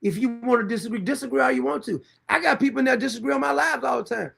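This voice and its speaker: A man's voice: extremely high pitch, fast, vocal fry, fairly bright tone, husky. A middle-aged man, hosting a livestream and bluntly scolding commenters in a confrontational, repetitive way. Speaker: show host.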